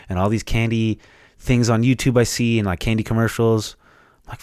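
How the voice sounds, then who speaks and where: A man's voice: fairly low pitch, moderate pace, darkish tone, no room sound, clean studio sound. A young man hosting a solo podcast, rambling in a profane, jokey, casual way. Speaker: podcast host.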